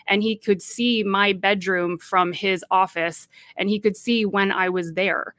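A woman's voice: mid-range voice, fairly even intonation, unhurried, a bit bright, dry recording, clean studio sound. A woman guest recounting a personal story in earnest, acting out the voices of people she quotes.

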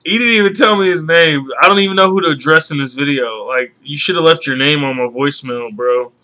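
Male vlog host, brash and profane, forceful slightly high voice. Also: fairly quick. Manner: brash, profane, addresses viewers directly. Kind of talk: casual vlog talk.

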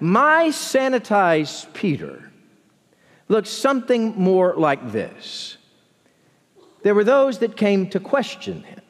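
A man preaching a sermon as pastor, expressive, dropping low and slow for emphasis. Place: large church sanctuary. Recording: long church hall reverb.

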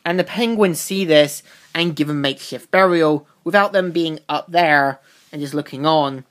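A woman's voice: sits low, normal speed. A woman reviewing a comic book, recapping its plot in a casual, rambling way with loose restarts.

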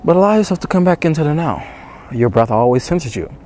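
A man giving dating advice in a hushed, intense voice, urging again and again, shivering from the cold outdoors before dawn. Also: fairly high pitch, lively intonation, fast, slight background noise. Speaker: dating coach. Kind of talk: motivational talk to camera.

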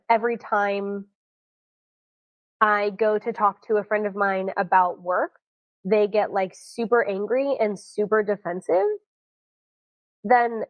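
A woman giving frank, animated self-help advice in a casual monologue, acting out quoted voices. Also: medium pitch, no room sound. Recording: dry, tinny phone-like sound.

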